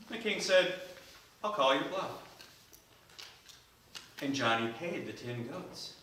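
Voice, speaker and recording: A man's voice: on the high side, slow, pauses often, slight background noise. A man telling a story live to an audience, acting out the characters' lines. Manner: animated, acts out the characters' lines. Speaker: storyteller at a speaking event. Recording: echoey hall, voice from a distance.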